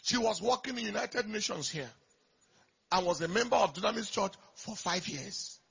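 A pastor preaches in a raspy, strained voice that sits high and gravelly. His storytelling is emphatic, swelling in force at key moments. The recording is dull and lo-fi. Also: lively intonation, moderate pace, a bit bright. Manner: emphatic storytelling, surges in volume. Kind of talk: sermon.

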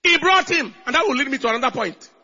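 A male pastor preaching a sermon with emphasis, shifting between shouted lines and hushed asides. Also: very high-pitched, expressive, quick pace, highs cut off.

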